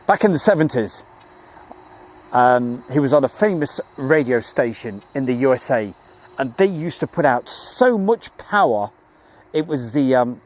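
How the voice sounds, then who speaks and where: A man's voice: mid-range voice, animated, measured pace, darkish tone. A man hosting a live plane-spotting stream, chatting jokily and reading out viewer messages. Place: outdoors at an airfield.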